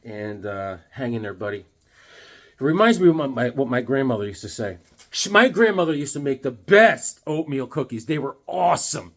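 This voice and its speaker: A man's voice: medium pitch, very animated, normal speed, a bit bright. A man in his fifties talking casually about comic books, rambling and joking with lots of filler words. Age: 50s. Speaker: comic book vlogger. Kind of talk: casual comic review vlog.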